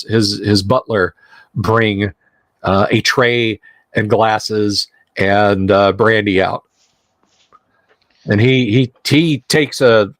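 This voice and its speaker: Man, game master, tabletop horror narration, halting delivery, dry close sound. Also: fairly low pitch, no room sound. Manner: halting, full of restarts and fillers.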